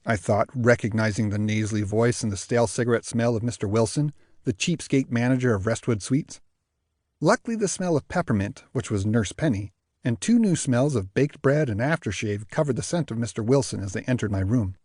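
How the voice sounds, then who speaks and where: A man narrating an audiobook in the first person with expressive storytelling. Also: mid-range voice, fairly quick, dry recording, clean studio sound.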